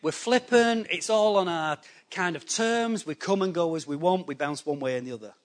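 High-voiced animated male preacher. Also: normal speed. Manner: animated, acts out excuses in quoted voices, conversational asides. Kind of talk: sermon. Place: church hall before a congregation.

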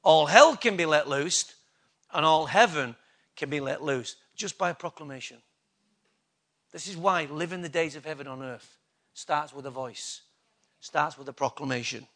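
Guy preaching, high bright voice, keeps asking the crowd questions. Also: normal speed, pauses often. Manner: emphatic, rhetorical questions to the congregation. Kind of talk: sermon.

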